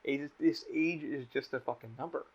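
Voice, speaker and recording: A man's voice: fairly high pitch, moderate pace, slightly rough. A man hosting a podcast in casual chat, talking candidly and rambling, swearing a lot. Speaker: podcast host. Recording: dull lo-fi audio.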